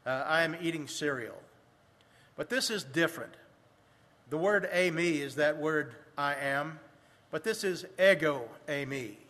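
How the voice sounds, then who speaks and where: A man preaching from the pulpit, his voice high and bright. He reads scripture in old-fashioned wording and slows down to stress key phrases. The sound carries a long reverb, as in a large church. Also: lively intonation. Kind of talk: sermon.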